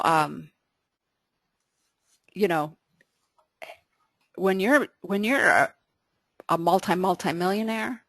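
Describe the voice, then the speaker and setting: A woman leading a casual Bible study talk, conversational and lively, with frequent restarts. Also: lowish voice, dry recording.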